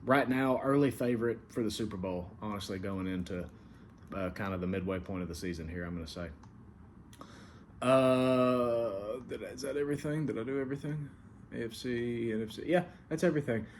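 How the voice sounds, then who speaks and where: Over slight background noise, a brisk man with a medium-pitched voice and a country Southern American accent hosts the league's casual weekly recap. He's the commissioner, easygoing and heavy on fillers until he gets stern about the rules.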